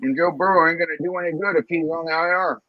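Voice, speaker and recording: A man's voice: a little high, steady tone, fast, dry recording. A man cutting into a casual fan live stream with short, blunt remarks. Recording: muffled lo-fi stream audio.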